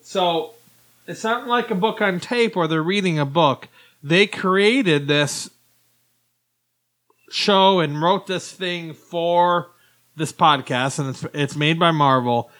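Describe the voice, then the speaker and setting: A man talking casually on a podcast, his voice sitting a little high for a man. He rambles easily from one point to the next, with plenty of ums and uhs. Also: slow pace, a bit bright. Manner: easygoing, chatty, frequent fillers. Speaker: podcast co-host. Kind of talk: casual chat.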